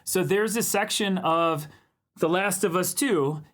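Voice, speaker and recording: Excitable man hosting an art stream. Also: high voice, a little slow. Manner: excitable, laughs often, jokey. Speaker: livestream art show host. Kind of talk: casual chat reviewing viewer drawings.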